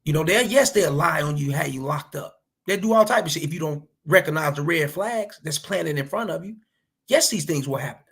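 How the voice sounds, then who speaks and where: A commentary vlogger with a slightly high, gravelly, husky voice that's also a bit bright reacts casually, speaking bluntly and with profanity. He lectures his listeners with preachy, street-style advice.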